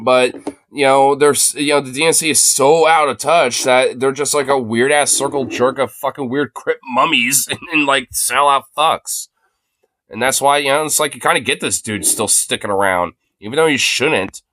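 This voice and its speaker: A man streaming casual commentary on political clips, excitable and crude, laughing often and breaking into shouts. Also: medium pitch, moderate pace, no echo. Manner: crude, swears constantly.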